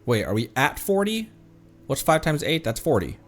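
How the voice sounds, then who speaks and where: A man's voice: a little high, huge pitch swings, moderate pace, faint music behind. A young man streaming a game, chatting casually and thinking aloud in a playful way. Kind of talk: casual gaming commentary.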